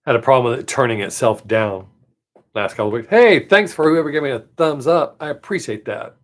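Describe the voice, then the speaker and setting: A man's voice: mid-range voice, lively intonation, a little fast. A man hosting his own live stream, chatting with viewers in a rambling, joking, self-mocking way.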